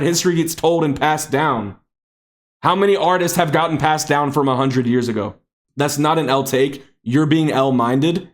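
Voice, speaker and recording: A young man with a somewhat high voice runs a class in loose, everyday talk. He is blunt and profane, and he calls on his students directly as he goes. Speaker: instructor for aspiring music artists.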